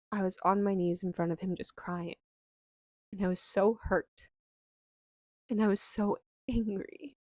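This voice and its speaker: A young woman slowly and softly telling a personal memoir, reflective and unhurried, with lingering pauses. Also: lowish voice, dry recording, clean studio sound. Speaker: storyteller.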